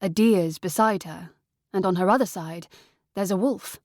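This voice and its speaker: A tall, steady young man, read by a woman narrator talks in a calm, matter-of-fact way. The audiobook voice is close and dry, with an even pitch. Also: moderate pace, no echo, natural voice.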